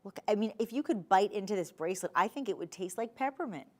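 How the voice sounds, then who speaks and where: A woman with a New Jersey accent hosting a live TV shopping show, chatty, playful and emphatic as she pitches jewelry in a studio. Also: lively intonation, fast talker. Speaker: shopping channel host.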